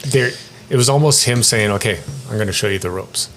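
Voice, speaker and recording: A man's voice: lowish voice, brisk, fairly bright tone, slight background noise. A man co-hosting a music roundtable, talking earnestly and emotionally, with frequent fillers. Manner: earnest, emotional, says "like" often. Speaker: podcast co-host. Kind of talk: casual roundtable chat.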